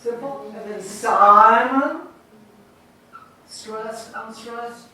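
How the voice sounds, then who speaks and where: A woman's voice: medium pitch, slow pace. A woman teaching an informal poetry class, chatty and laughing often as she sounds out rhythms. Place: church classroom. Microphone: distant room mic. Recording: echoey room from far off, faint hiss.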